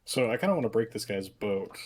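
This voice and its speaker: A man's voice: on the low side, expressive, fast, darkish tone. A man playing a tabletop game, describing his moves in a hesitant, thinking-aloud way. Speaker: player. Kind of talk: casual tabletop play.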